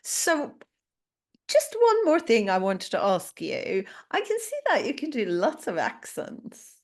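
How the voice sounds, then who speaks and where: Slow, lively-voiced woman host. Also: on the high side. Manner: laughs often, restarts phrases. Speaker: podcast host. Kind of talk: casual interview chat.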